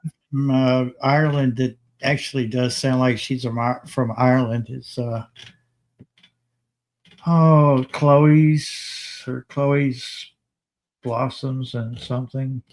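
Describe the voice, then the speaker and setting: Slow-talking man with jokey questions. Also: medium pitch, steady tone, darkish tone. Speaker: live chat co-host. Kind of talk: casual chat.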